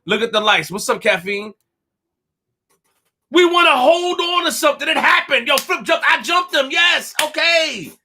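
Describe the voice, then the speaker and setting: Bright high-pitched man streaming live. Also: lively intonation, moderate pace. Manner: emphatic, repeats phrases, talks to chat. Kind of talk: animated live stream commentary.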